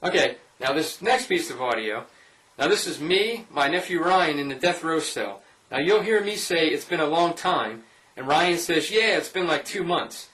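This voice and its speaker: A man's voice: on the high side, expressive, normal speed, fairly bright tone, reverberant, far from the mic, rough recording. A man casually narrating his ghost-hunting evidence, talking straight to his viewers in an informal way. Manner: informal, speaks directly to viewers. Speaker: paranormal investigator presenting evidence. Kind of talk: casual voice-over narration of clips.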